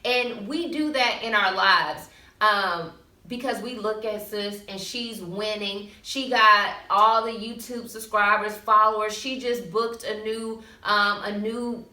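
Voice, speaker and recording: A woman co-hosting a talk show, retelling a scripture story in a loose, slangy, lively way. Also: mid-range voice, takes it slowly. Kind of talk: casual faith-segment storytelling. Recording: roomy, mic at a distance.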